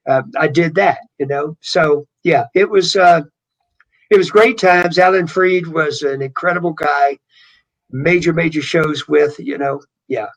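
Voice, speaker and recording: A man's voice: fairly high pitch, low-quality recording. Older man with a Southern twang. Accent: Southern US drawl. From Louisiana. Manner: rambling, animated storyteller with many restarts. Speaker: guest singer. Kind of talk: storytelling interview.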